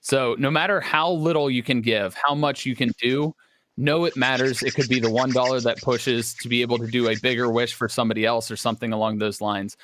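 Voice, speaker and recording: A man co-hosting a charity livestream, telling a story in a calm, earnest, steady way. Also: medium pitch, brisk, a little hiss or hum. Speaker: livestream co-host.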